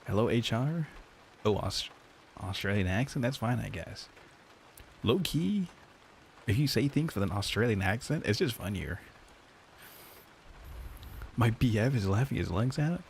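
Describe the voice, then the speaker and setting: A man's voice: fairly low pitch, lively intonation, moderate pace, creaky, pauses often, a little hiss or hum. A man streaming in casual chat, crude and joking, often stammering and restarting his sentences.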